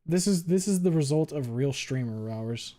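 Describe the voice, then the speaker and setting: A male streamer chatting casually with viewers, talking quickly and running words together, with a lot of swearing. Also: a little high, expressive, warm tone. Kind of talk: casual chat reading viewer messages.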